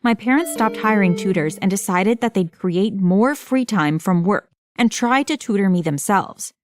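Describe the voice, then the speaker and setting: A woman giving scripted first-person narration for an animated story, matter-of-fact with wry asides. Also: medium pitch, moderate pace.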